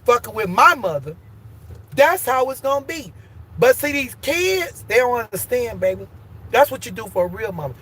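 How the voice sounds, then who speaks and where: A woman's voice: fairly high pitch, sing-song, normal speed, a bit bright, breathy edge. A woman hosting a casual live stream, talking emphatically and with plenty of swearing, moving between heated outbursts and tender encouragement.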